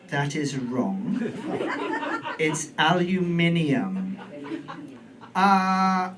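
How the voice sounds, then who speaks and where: A British man in his forties performing a stand-up comedy set on a club stage, camp and playful with deadpan asides. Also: high-pitched. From United Kingdom. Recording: distant mic in comedy club, faint room noise.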